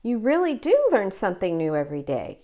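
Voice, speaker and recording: A woman reading aloud, voicing an anxious, cautious male elephant who wonders slowly and worries easily. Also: mid-range voice, sing-song, warm tone, voice pushed down, close to an everyday voice. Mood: wondering. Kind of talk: picture book read-aloud.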